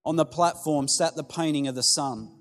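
A man telling a parable in a sermon, in a slow, dramatic storytelling way. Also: a little high. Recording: long hall reverb with soft music.

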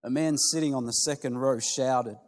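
Male preacher telling a story in a hall. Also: mid-range voice. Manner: slow, dramatic storytelling with restarts. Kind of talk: sermon storytelling. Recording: long hall reverb with soft music.

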